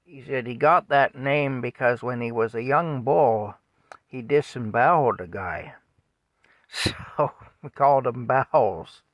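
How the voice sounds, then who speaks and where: A man's voice: mid-range voice, measured pace, no room sound, dull audio. A man casually telling a rambling story at home, with chuckles and fillers. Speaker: vlogger telling stories.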